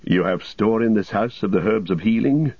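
A man voicing a grave, weary king returned from exile, speaking in a solemn, measured way in a storybook reading. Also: lowish voice, darkish tone, breathy edge, dry recording. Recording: dull lo-fi recording.

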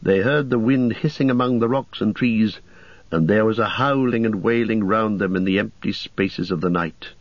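A man narrating an audiobook in a measured, even storytelling manner. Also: fairly low pitch, dry recording. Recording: dull dry audiobook recording.

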